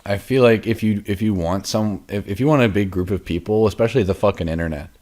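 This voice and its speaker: A man co-hosting a podcast in casual chat, halting and full of fillers, cursing freely. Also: lowish voice, darkish tone. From Canada. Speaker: podcast co-host.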